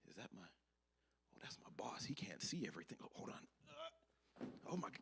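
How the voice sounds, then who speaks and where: A man playing a tired worker who keeps hiding his burdens, talking in nervous hushes and whispers. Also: medium pitch, big pitch swings, moderate pace, a little hiss or hum. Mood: hushed nervous. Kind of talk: sketch acting.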